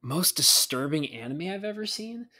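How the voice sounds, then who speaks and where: Animated teasing podcast host guy. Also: fairly high pitch, moderate pace. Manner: laughs a lot, teasing. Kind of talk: casual podcast chat.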